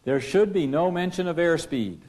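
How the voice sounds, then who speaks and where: A man lecturing pilots as a flight instructor, emphatic, asking rhetorical questions and dropping his voice low for key points. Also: animated, moderate pace, a little mellow. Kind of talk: classroom lecture.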